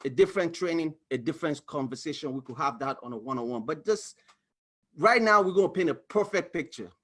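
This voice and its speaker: A man's voice: a little high, a little fast. A man coaching viewers on personal finance over a shared screen, talking animatedly and acting out little scenes between a couple and their bank. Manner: animated, acts out little dialogues, exclaims. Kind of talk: screen-share explainer talk.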